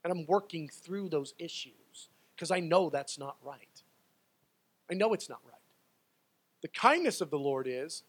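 A man preaching a sermon, moving between loud, pleading passages and quiet, intimate asides. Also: a little high, expressive, unhurried, slightly rough. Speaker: pastor.

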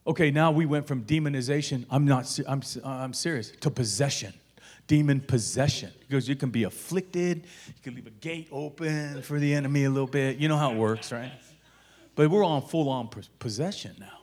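A middle-aged man telling a personal story, acting out the dialogue and swinging from hushed asides to shouted lines. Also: mid-range voice, brisk. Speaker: guest telling his story. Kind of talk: animated storytelling.

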